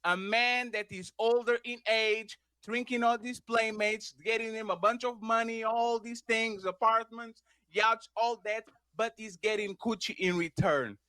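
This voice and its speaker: A man moderating a heated debate, pressing for a straight answer and repeating his question slowly. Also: high-pitched, fairly even intonation, bright, forceful tone, clear, resonant tone, dry recording, clean studio sound.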